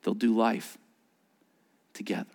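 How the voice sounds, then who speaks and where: A male pastor preaching a sermon. He acts out wedding scenes in an animated way and drops to a hushed, low delivery for emphasis. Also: unhurried, creaky, in a large hall.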